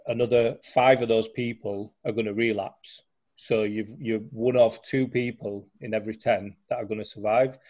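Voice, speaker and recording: A man's voice: lowish voice, fairly even intonation, moderate pace, a little mellow. A young man, talking casually about his recovery with lots of restarts and fillers. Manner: chatty storyteller, many fillers and restarts. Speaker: guest sharing recovery story. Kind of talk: casual conversation.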